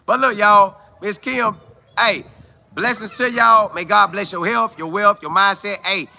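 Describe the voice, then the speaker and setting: Male stream host, high and very bright voice, animated and emphatic, addresses viewers directly. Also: unhurried, creaky. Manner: animated, exclaiming, repeats phrases for emphasis; talks straight to viewers, calling them y'all. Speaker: live stream host reading viewer comments. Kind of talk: casual live stream chat.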